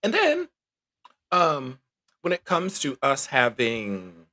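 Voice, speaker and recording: A male podcast co-host telling stories in casual chat. His pitch swings widely as he talks. He laughs often and keeps things loose. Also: slow pace. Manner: animated storyteller, laughs often.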